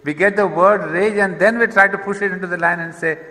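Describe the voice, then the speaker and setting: A man giving an explanatory lecture, reading verse lines slowly and then explaining them with hesitant restarts. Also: high voice, fairly even intonation, bright, forceful tone. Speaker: lecturer on poetry and yoga. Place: lecture hall. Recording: long reverb of a hall.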